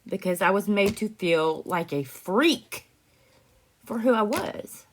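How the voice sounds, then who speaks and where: A young woman with a mid-range, expressive voice vlogs casually to camera about her own experiences, speaking slowly. Her storytelling is rambling and emotional, often trailing off into laughs and sighs.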